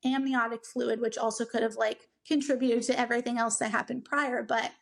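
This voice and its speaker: Young woman telling a story, high voice, lots of "like", acts out the people in it. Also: brisk, gravelly. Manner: animated, acts out quoted people, many "like" fillers. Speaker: podcast co-host. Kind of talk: casual chat, storytelling.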